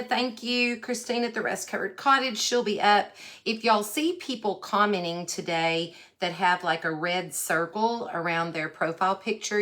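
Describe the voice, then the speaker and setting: Her voice on the low side and her accent Texan, a woman hosts a casual craft livestream. She keeps up folksy, chatty talk and warmly greets viewers by name as she works.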